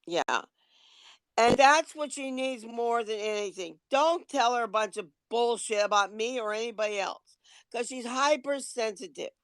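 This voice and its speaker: Woman livestream host, blunt and preachy, smooth clear voice, dry close sound. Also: a little high, a bit bright, no room sound. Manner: blunt, lecturing, swears casually. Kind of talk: livestream rant.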